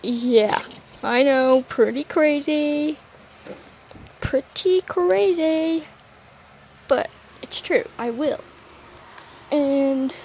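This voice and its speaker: A young woman hosts a solo podcast in a high, unhurried voice. She rambles playfully and mocks herself, and her loudness jumps up and down. A faint hiss sits under the recording. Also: rough recording. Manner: playful, rambling, self-mocking, sudden shifts in loudness. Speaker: podcast host.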